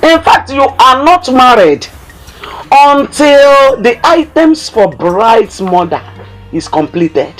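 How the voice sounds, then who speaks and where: A woman with a Nigerian Igbo accent, playing a middle-aged mother who mocks and scolds her daughter. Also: sits high. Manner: mocking, scolding, drawn-out emphasis. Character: scornful greedy mother berating her daughter. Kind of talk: film acting.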